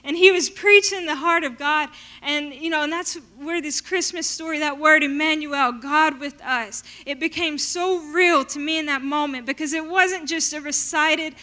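A woman telling her personal faith testimony in an animated storytelling way. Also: high-pitched, moderate pace, hardly any pauses. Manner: animated storytelling, acting out her past self in quotes. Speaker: speaker sharing a testimony.

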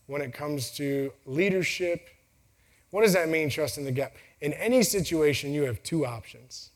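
Man, 30s, speaker at a live talk, a bit higher voice, jokey storyteller who acts out voices. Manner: joking, storytelling, acts out quotes. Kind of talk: casual motivational talk. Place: venue with a timer for speakers.

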